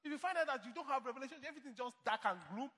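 High, bright emphatic preacher. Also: male voice, very fast, long reverb tail. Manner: emphatic preaching, mock dialogue. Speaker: pastor. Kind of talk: sermon. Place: church.

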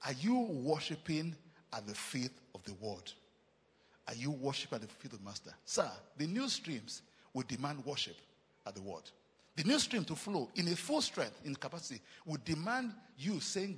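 Preaching at a moderate pace with frequent pauses, a Nigerian pastor delivers his sermon in a swinging, lively style, his slightly husky voice sitting a bit high. It echoes with long reverb like a big church hall. Repetition hammers his phrases, punctuated by short chuckles.

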